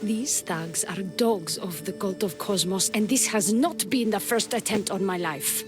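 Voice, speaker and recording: Woman doing a sultry flirty priestess, slow teasing talk, game music behind. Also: medium pitch, close to an everyday voice. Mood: earnest. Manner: sultry, teasing, slips into breathy whispers. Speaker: game character. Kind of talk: video game voice acting.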